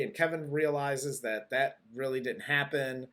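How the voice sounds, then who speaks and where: A man's voice: on the high side, fairly even intonation, moderate pace, hardly any pauses. A man co-hosting a casual movie review, recapping the plot in a loose, rambling way with restarts. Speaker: podcast co-host.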